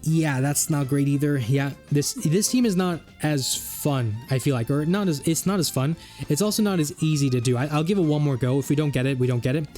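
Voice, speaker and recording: A man's voice: fairly high pitch, brisk, a little mellow, soft background music. Exasperated man rambling over gameplay. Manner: rambling and exasperated, thinking aloud. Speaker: gaming YouTuber. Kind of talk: casual gameplay commentary.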